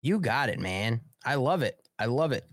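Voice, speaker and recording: A man's voice: mid-range voice, big pitch swings, normal speed, dry recording. A man hosting a live-streamed political commentary show, ranting and agitated, with heavy profanity, on a close studio mic. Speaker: talk show host.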